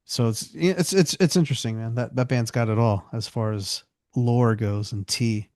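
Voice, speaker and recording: A man's voice: mid-range voice, normal speed, darkish tone, dry recording, clean studio sound. A man co-hosting a podcast who rambles casually, filling his talk with "like" and "you know". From United States. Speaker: podcast co-host. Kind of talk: casual chat.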